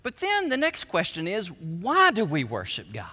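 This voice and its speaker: A man, a pastor preaching a sermon, animated and shifting between quiet prayer and loud shouting. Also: sits high, normal speed, slightly rough. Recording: reverberant hall.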